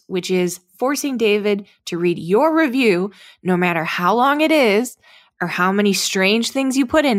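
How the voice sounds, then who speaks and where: A woman co-hosting a podcast with a middle-pitched voice. She is friendly and quick to giggle, and she moves through the sign-off in a relaxed way. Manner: giggly, friendly, wraps up the show. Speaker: podcast co-host. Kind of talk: casual chat.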